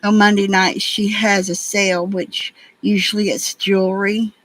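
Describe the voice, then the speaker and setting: A woman's voice: mid-range voice, level tone, measured pace, rough recording. Chatty woman with an Alabama drawl. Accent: Southern US (Alabama). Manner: folksy, rambling, chatty storyteller. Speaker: livestream host. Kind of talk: casual chat while beading.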